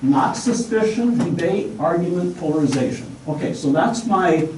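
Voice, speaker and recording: A man's voice: high-pitched, lively intonation, moderate pace, darkish tone. A man giving a methodical outlined talk with slides at a church class, listing his points one by one. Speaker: guest presenter at a Sabbath school class. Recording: echoey room, far from mic, faint hiss.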